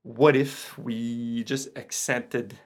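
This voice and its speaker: Gravelly man. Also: mid-range voice, normal speed. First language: French. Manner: relaxed, counts beats aloud while explaining. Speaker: guitar teacher. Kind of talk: casual online guitar lesson. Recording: guitar playing under the voice. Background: his own guitar.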